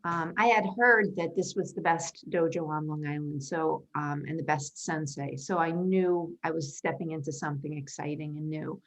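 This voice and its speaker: Thoughtful woman guest, slightly low voice. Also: fairly even intonation, normal speed, hardly any pauses, low-quality recording. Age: 50s. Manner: thoughtful, earnest, explains at length. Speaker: interview guest, designer and karate black belt. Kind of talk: conversational interview answers.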